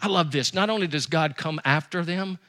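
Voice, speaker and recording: A man preaching a sermon as pastor, with emphatic repetition and quick rises and drops. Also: fairly high pitch, pushed and bright.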